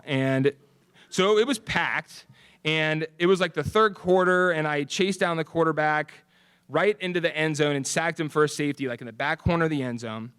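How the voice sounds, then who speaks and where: A man's voice: a little high, a bit bright, smooth. A young man giving an earnest acceptance speech at an alumni ceremony, telling stories with easy chuckles and casual fillers. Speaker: alumni award speaker. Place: ceremony venue.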